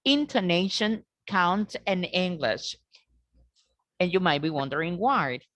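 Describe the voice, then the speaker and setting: Slow-talking woman teacher on a video call. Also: fairly low pitch, animated, a bit bright, no echo. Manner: patient, repeats and checks with students. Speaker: English teacher. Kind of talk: online class instruction.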